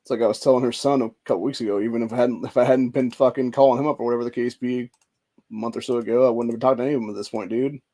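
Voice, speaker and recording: A man's voice: medium pitch, fairly even intonation, very fast, warm tone. A man in his forties venting in a rambling, profane monologue, emotional and stressed out. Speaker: vlogger.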